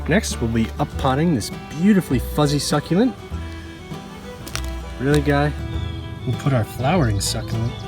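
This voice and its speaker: Male gardening host flubbing his lines. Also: mid-range voice. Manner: flubs lines, restarts and laughs at himself. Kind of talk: blooper reel of casual garden vlogging.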